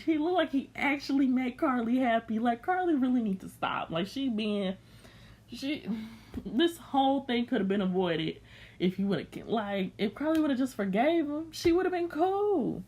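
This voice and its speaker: A woman's voice: high voice, sing-song, unhurried. A young woman recapping a reality show in blunt, slangy, sassy chat, unscripted.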